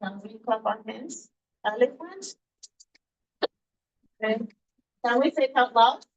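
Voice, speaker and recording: A woman's voice: a little high, moderate pace, highs cut off. A woman teaching an early childhood education class, explaining patiently and quizzing her students in a playful way. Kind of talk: classroom lecture.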